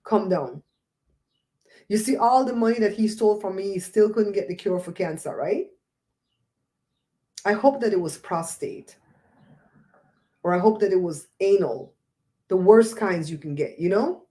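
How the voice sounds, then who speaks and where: Animated, preachy woman host, mellow tone. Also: mid-range voice, moderate pace, long pauses. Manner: animated, preachy, laughs often. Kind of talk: casual livestream chat.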